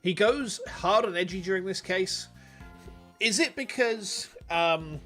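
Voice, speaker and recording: A man's voice: high-pitched, takes it slowly, a bit bright, soft background music. A man with a Yorkshire accent, a VTuber streamer chatting casually and self-deprecatingly over his game.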